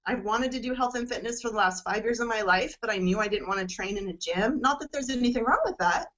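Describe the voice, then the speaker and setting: A woman's voice: on the high side, quick pace, a bit bright. A woman in her forties talking casually about her goals as a coach, rambling with many fillers and getting emotional. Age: 40s. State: emotional, near tears. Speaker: network marketing coach. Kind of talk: casual personal sharing. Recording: dull lo-fi sound.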